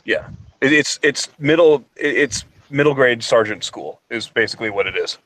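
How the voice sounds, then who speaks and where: Man, Army NCO, mid-pitch, wry and profane, dry close sound. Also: expressive, moderate pace, a bit bright, no room sound. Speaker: Army sergeant. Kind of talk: casual storytelling chat.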